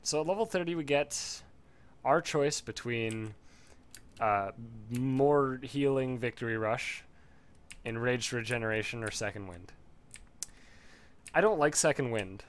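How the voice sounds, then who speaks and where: A man giving casual, rambling gameplay commentary while leveling a character, swearing freely and laughing often. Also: mid-range voice.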